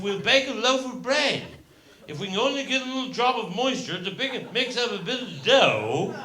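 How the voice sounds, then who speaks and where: A man's voice: sits high, pushed and bright. A man with a Cornish accent telling rambling comic stories on stage, repeating himself with folksy asides. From Cornwall, England. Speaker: comedian. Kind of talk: rambling live stand-up storytelling. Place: live comedy venue with audience. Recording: echoey live venue with audience noise.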